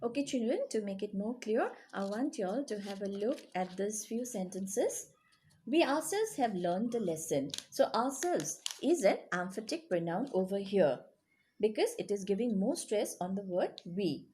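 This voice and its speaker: Woman teacher with lively rising pitch. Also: normal speed, a little hiss or hum. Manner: explains patiently, checks in with rising "yes?" and "okay?". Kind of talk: recorded grammar lesson for children.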